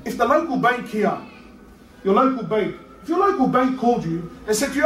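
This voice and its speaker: Animated preacher man in an echoey hall. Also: very high-pitched, a little fast. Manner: animated, rising to shouts, playful asides. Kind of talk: sermon. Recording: roomy echo, voice from a distance, faint noise.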